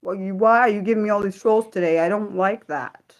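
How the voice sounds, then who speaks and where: A woman's voice: mid-range voice, fairly quick. A woman hosting an unscripted livestream, reading her chat aloud and venting with frequent swearing. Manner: reads and answers chat aloud. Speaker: livestream host.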